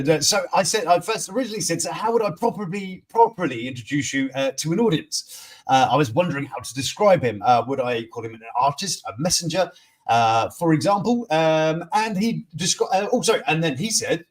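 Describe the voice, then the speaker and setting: A man's voice: a little high, animated, brisk. A man hosting a casual news stream, rambling with many fillers and restarts. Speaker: host. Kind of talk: casual live-stream chat.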